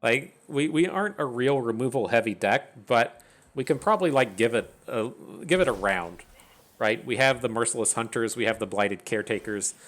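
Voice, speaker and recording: A man's voice: medium pitch, lively intonation, normal speed, fairly bright tone. A man giving casual, rambling commentary on his own card game match, often restarting sentences and mocking his own misplays. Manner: rambling, self-deprecating, stammers and restarts. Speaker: gaming streamer.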